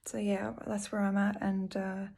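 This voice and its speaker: A woman giving a personal video update from her home, speaking softly and earnestly with lots of fillers. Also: mid-range voice, completely flat delivery, moderate pace, gravelly. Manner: soft, earnest and emotional, with frequent fillers. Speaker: vlogger.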